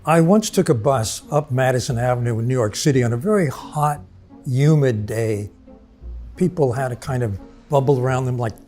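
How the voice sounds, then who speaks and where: An older man talks in a reflective interview, explaining his ideas in a calm, measured way. His voice is mellow and relaxed, with a steady middle pitch. Soft music plays faintly behind him. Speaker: author and speaker on emotional intelligence.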